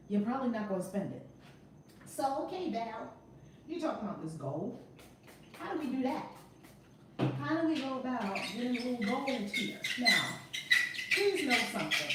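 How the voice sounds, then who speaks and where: A woman hosting a live-streamed class, energetic and encouraging, greeting viewers and repeating key points. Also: mid-range voice. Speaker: teacher and host. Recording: echoey room, distant mic, faint noise.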